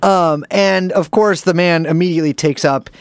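A man's voice: on the high side, steady tone, moderate pace, clear, resonant tone, dry recording, studio quality. A man co-hosting a podcast in casual, rambling and profane chat, joking and restarting his sentences. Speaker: podcast co-host.

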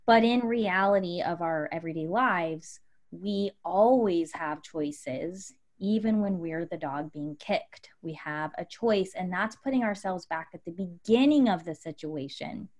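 A woman life coach explaining ideas to her guests with lively examples. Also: lowish voice, a little slow. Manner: animated, teaching with examples.

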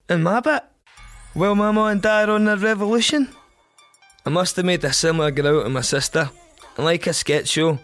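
A Scottish man narrating a first-person story for a podcast in a wry, profane, vivid way. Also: on the high side. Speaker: podcast host.

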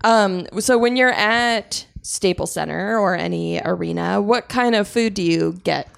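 A woman's voice: mid-range voice, a little slow, vocal fry. A young woman co-hosting a casual podcast, steering the talk with questions and laughing. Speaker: podcast co-host.

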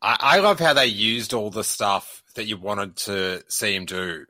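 A man with a New Zealand accent hosting a casual panel chat, halting and restarting often. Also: on the low side, pushed and bright, no echo. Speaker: podcast host.

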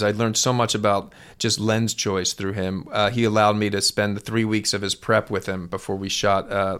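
A man's voice: fairly low pitch, a bit bright, clear, resonant tone. A man who directs and acts, talking as an interview guest, eager and rambling with frequent restarts. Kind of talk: candid interview talk.

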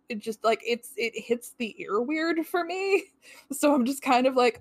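Woman, podcast co-host, wry thoughtful analysis, higher pitch, dry close sound. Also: unhurried, dry recording. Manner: wry, thoughtful, reads from notes. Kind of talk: casual comic-book analysis.

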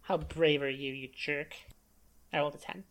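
A woman's voice: deep voice, fairly even intonation, moderate pace. A woman playing a tabletop role-playing game, eager and checking the rules as she goes. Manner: eager, asks rules questions, cheers at rolls. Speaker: player.

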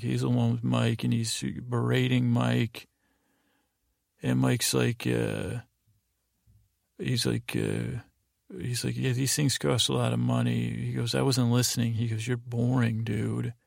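A man with a very gravelly, fry-laden voice, talking in a flat, level tone. He recaps scenes in a slow, wandering ramble full of restarts. The sound is close and completely dry. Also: mid-range voice, no room sound. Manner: meandering, monotone, full of fillers and restarts. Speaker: podcast host.

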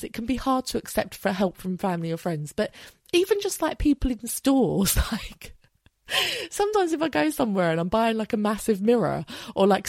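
A woman's voice: medium pitch, creaky, darkish tone, no room sound. An English woman in her thirties hosting a solo podcast, talking candidly and chattily and swearing freely. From England. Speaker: podcast host. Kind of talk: casual solo podcast monologue.

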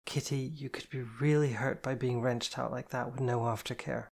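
A man reading the part of a remorseful woman who speaks earnestly, apologizing in halting phrases. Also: medium pitch, steady tone, creaky. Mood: earnest apology. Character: remorseful woman, a caring dominant partner. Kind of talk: audiobook character voice.

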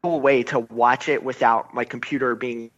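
An American man chatting as a guest over a video call, hesitant and halting, from an office building foyer. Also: mid-range voice, steady tone, dull audio. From United States.

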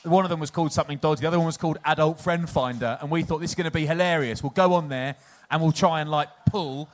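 A man's voice: fairly high pitch, fast talker. An English man in his forties, a former rugby player, telling long, rambling comic anecdotes to a live audience and laughing at his own stories. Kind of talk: live comedic storytelling.

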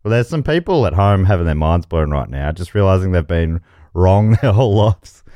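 Lively jokey male game show host. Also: deep voice, normal speed, no room sound. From Australia. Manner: jokey, chuckles mid-sentence. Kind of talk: comedy podcast banter, reading quiz options.

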